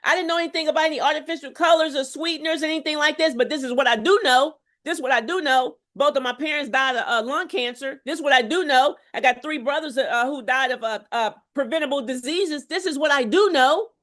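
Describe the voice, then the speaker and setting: A woman's voice: high-pitched, quick pace, hardly any pauses, a bit bright. A middle-aged woman from Houston, a health coach talking emphatically to her viewers, repeating phrases and calling out to them. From Houston, Texas. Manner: emphatic, preacherly, repeats phrases and calls on the audience. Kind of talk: live health challenge talk to viewers.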